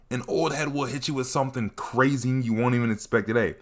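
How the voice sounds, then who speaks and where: A young man telling a comedic storytime, animated and quick to repeat his catchphrases. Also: mid-range voice. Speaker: vlogger.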